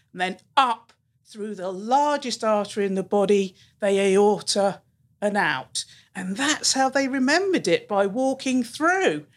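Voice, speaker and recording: Woman in her late fifties, teacher, animated storyteller, mid-pitched voice. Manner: animated storyteller who acts out the people she quotes. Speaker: teacher and podcast guest. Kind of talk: storytelling in a podcast interview.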